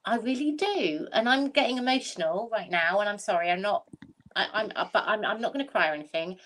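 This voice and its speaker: A woman's voice: medium pitch, fast talker, a bit bright. A woman hosting a livestream chat, talking candidly, laughing often and repeating herself for emphasis. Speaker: livestream host. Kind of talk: casual chat.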